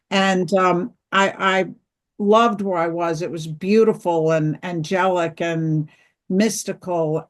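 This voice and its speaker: A middle-aged woman, an author and interview guest, telling a personal story slowly and earnestly, acting out the dialogue. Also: fairly low pitch.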